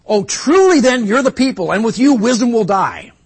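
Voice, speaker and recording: Preacher doing an anguished sufferer: high, loud, husky. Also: male voice, sing-song, moderate pace, full character voice. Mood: bitter. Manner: impassioned, pleading then sarcastic. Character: anguished suffering man pleading with friends.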